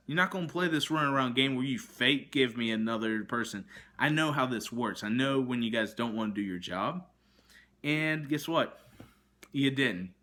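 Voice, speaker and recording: A man's voice: medium pitch, bright, forceful tone. Exasperated man ranting to camera. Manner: frustrated, exasperated storytelling with many fillers and restarts. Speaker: vlogger. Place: kitchen at home, indoors.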